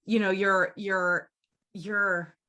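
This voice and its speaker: A woman's voice: mid-range voice, flat delivery, extremely slow, bright, forceful tone. A woman opera singer co-hosting a podcast, telling a story in casual chat, candid and emotional, swearing freely.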